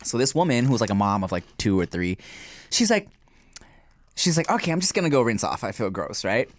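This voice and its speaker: A man's voice: mid-range voice, fairly quick. A man co-hosting a podcast in casual chat, telling stories with lots of laughter and acting out the people in them. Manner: animated storyteller, acts out quoted voices, laughs a lot. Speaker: podcast co-host.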